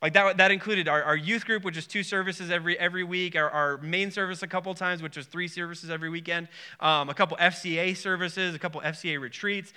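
A man's voice: high voice, fairly even intonation, quick pace, hardly any pauses, bright, forceful tone, clear, resonant tone. A man in his thirties preaching a sermon, telling a personal story in a rambling way, often repeating words and restarting. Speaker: pastor.

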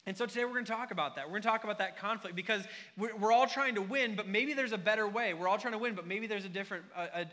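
A man's voice: sits high, sharp tone, long reverb tail. A man preaching a sermon, conversational and telling stories to the congregation. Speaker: pastor.

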